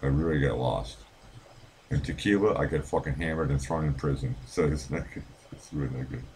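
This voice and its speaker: A man's voice: very deep voice, fairly quick, a little mellow, a little hiss or hum. A middle-aged man hosting a livestream, reading out viewer comments and rambling in a casual, profane way with frequent laughs. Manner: rambling, swears freely, laughs often. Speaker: livestream host reading chat.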